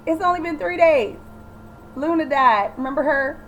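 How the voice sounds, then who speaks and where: A sassy, animated woman recaps an episode in a casual vlog. Her voice sits a little high, and she talks straight to the viewer. A faint hiss runs under the recording. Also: moderate pace, rough recording. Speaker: TV recap vlogger.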